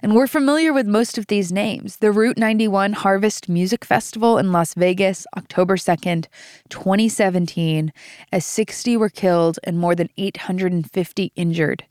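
A woman's voice: medium pitch, normal speed, darkish tone, clear, resonant tone, dry recording, studio quality. A young adult woman hosting a devotional podcast, reading scripture aloud and teaching it with earnest emphasis. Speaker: podcast host.

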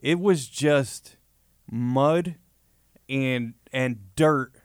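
Relaxed man with a smooth voice. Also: medium pitch, very slow, no echo, clean studio sound. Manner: relaxed, laughs between phrases. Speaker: guest. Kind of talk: casual chat.

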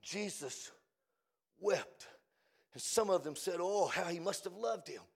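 High, gravelly shouting preacher. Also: male voice, lively intonation. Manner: swings between shouting and hushed low phrases, drawn-out words. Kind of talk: fiery revival sermon.

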